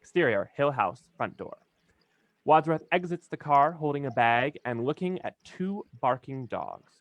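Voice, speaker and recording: With a mid-range voice that swings widely in pitch, this man reads stage directions a little slowly. His reading is plain and direct, though he occasionally trips over a word and laughs.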